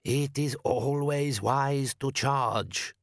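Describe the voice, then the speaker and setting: A man putting on a slow, solemn desert wise man. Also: mid-range voice, vocal fry, dry recording, clean studio sound, pitched above the performer's own voice. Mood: stately. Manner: very slow, stately, measured phrasing. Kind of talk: audiobook character voice.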